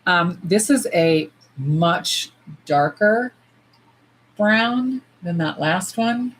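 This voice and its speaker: A middle-aged woman hosting a casual livestream. She talks bluntly with plenty of swearing and sometimes breaks into loud squeals. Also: fairly low pitch, measured pace, low-quality recording. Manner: blunt, profane and animated, jumping to loud squeals. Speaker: nail polish livestream host. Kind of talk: casual livestream chat while swatching.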